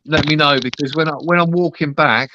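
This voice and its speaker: With a sharp-toned voice on the high side and a slightly fast delivery, this live stream host chats casually, spinning stories, cursing freely and impersonating whoever he quotes. The dull, dry lo-fi recording carries a little hiss or hum.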